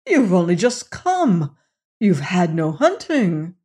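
A courtly Cossack general, as a reader puts him on, suave and quietly menacing. He draws each phrase out slowly and with relish, in a very leisurely audiobook delivery. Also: medium pitch, expressive. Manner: courtly, unhurried, drawn-out phrasing. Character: suave menacing aristocratic Cossack general, middle-aged man. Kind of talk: audiobook character reading.

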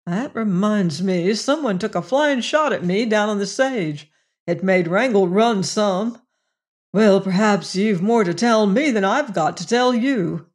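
A slow storybook narrator voicing a rugged young male rider who talks loudly and heartily. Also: medium pitch, animated, lightly acted. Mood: hearty. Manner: loud, hearty, soothing to his horse.

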